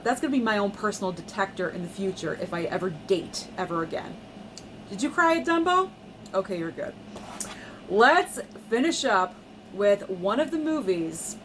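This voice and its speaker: A woman hosting a casual movie vlog, talking emphatically and with animated feeling about films that make her cry. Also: mid-range voice, noisy background. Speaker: movie vlogger.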